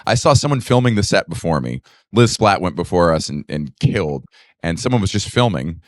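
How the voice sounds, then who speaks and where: A man's voice: sits low, very animated, a little fast, no room sound, clean studio sound. A man, a comedian co-hosting a podcast, chatting casually and candidly, with some swearing. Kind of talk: casual chat.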